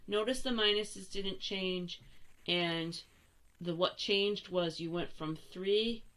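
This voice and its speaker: A woman's voice: medium pitch, takes it slowly, fairly bright tone, clean tone. An older woman teaching a chemistry lesson, chatty and playful, correcting herself as she goes. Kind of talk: recorded classroom lesson.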